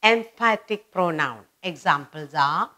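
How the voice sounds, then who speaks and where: Lady teaching grammar to beginners, super slow, says everything twice. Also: lowish voice, animated, sharp tone. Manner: repeats words and phrases slowly for emphasis.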